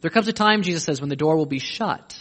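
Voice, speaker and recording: Male preacher, high and emphatic, sermon delivery, long hall reverb. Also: lively intonation, fast, fairly bright tone. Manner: emphatic, pleading questions to the listener.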